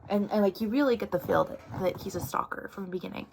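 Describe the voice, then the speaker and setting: A woman's voice: mid-range voice, fast, a little mellow, slight background noise. A woman giving a casual book recap, chatty and full of asides, acting out the characters as she goes. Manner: chatty, many likes and quoted asides, acts out characters. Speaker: book reviewer.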